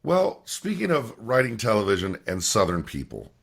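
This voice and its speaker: A man's voice: fairly low pitch, huge pitch swings, normal speed, creaky, a bit bright, husky. A man co-hosting a podcast who pushes back in a casual debate, hesitating and restarting before he makes his point. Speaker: podcast co-host.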